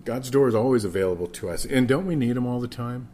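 A man preaching a sermon as pastor, moving between a projected voice and quiet, near-whispered passages. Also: medium pitch, quick pace, slight background noise.

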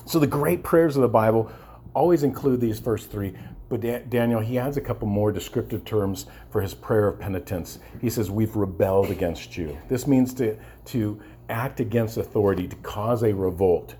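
A lowish, mellow male voice at a moderate pace belongs to a pastor preaching fervently. A faint hiss or hum sits under his words as he repeats phrases, restarts, and asks his listeners "amen?"

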